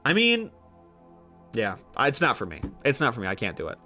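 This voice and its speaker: A young man live-streaming, thinking out loud in a loose, animated ramble full of restarts and casual swearing. His voice sits at an ordinary male pitch. Soft music plays faintly behind him. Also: normal speed.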